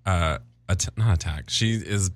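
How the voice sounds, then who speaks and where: A deep-voiced man speaking at a moderate pace, recorded with no echo. He co-hosts a podcast and chats casually, full of fillers and quick to laugh.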